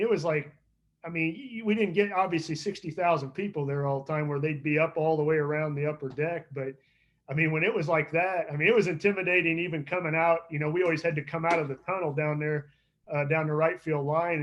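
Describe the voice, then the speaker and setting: A middle-aged man, a former pitcher, telling rambling stories in a casual interview, chuckling often and restarting his sentences. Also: lo-fi sound.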